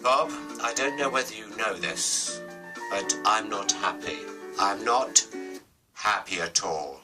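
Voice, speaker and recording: A man's voice: fairly low pitch, lively intonation, takes it slowly, long pauses, bright, forceful tone, faint music behind. A man improvising a silly goldfish story, rambling with playful asides and putting on voices.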